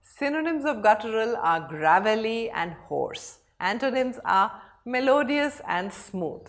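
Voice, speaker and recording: Lively woman teaching vocabulary. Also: on the high side, unhurried. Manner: lively, animated explaining with hand gestures. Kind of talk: vocabulary lesson.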